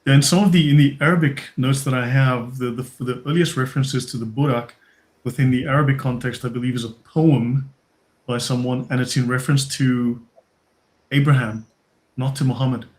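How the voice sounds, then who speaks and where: A man's voice: mid-range voice, fairly even intonation, normal speed, darkish tone. A man hosting a live stream panel discussion, steering the talk and reading out donations. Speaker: host.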